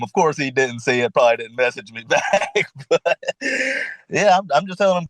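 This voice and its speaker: A man's voice: on the high side, expressive, normal speed, no echo. A man with a Louisiana Southern accent, a fighter answering interview questions in a confident, laid-back way.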